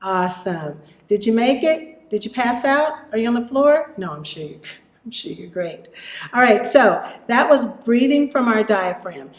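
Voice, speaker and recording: A woman teaching children a vocal warm-up, encouraging them and demonstrating exercises. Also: fairly high pitch, big pitch swings, moderate pace, reverberant. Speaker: music teacher.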